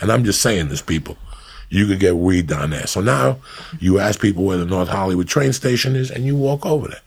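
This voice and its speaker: A middle-aged man from New Jersey hosting a podcast, telling stories in a profane, animated, ranting way. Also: low voice, a little fast, creaky, breathy edge. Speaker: podcast host. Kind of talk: casual podcast banter.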